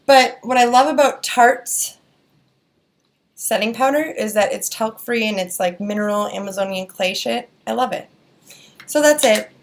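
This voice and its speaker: Chatty Wisconsin woman with vocal fry. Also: medium pitch, slight background noise. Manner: chatty, rambling, frequent fillers and restarts. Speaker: beauty vlogger. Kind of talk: casual product review chat.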